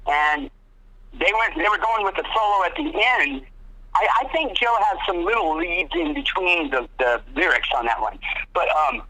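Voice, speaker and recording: A man's voice: high-pitched, low-quality recording. A man telling studio stories in a casual interview, swearing freely and acting out what others said. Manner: animated, swearing, acts out quotes in other voices. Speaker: guest guitarist.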